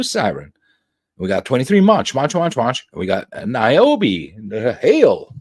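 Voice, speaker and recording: Male livestream host, casual and animated, jokey, swears, very lively pitch, mid-range voice. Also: measured pace. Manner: animated, joking, swears freely. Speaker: livestream talk show host.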